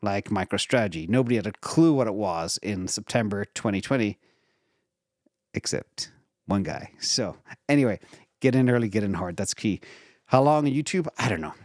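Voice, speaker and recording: Host, male, lowish voice, loose conversational delivery with lots of "um"s and self-corrections, dry close sound. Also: expressive, normal speed, darkish tone, no echo. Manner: casual, rambling explanations with frequent fillers and restarts. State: retired from regular work. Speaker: investing channel host. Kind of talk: live Q&A answering viewer questions.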